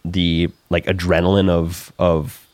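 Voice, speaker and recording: A man narrating a tabletop game as game master in a relaxed, descriptive way. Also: low-pitched, a little slow, no room sound. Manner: descriptive, relaxed, many fillers.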